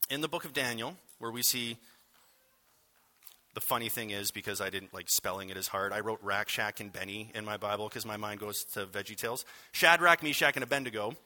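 A man's voice: mid-range voice, sharp tone. A man giving a sermon as pastor, conversational and wry, with frequent asides to the congregation.

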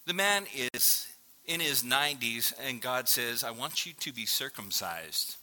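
A man's voice: mid-range voice, expressive, unhurried, sharp tone. A man preaching a sermon in a conversational way, acting out the voices of the people he quotes. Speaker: pastor.

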